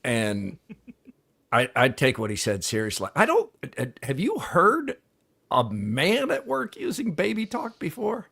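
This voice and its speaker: A man's voice: a little high, huge pitch swings, a little slow, vocal fry, fairly bright tone. A man co-hosting a casual sports talk show, conversational and amused. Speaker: radio co-host.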